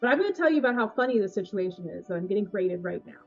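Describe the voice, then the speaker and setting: A woman streaming live, gushing and thanking her chat in casual, excitable talk. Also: medium pitch, racing, vocal fry, lo-fi sound, faint music behind. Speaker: Twitch cooking streamer.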